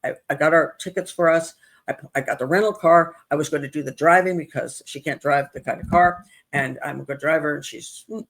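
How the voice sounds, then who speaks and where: A middle-aged woman with a low, brisk voice hosts an advice show. She retells a personal story casually and with exasperation, restarting often. Her telling is animated, and she keeps interrupting herself.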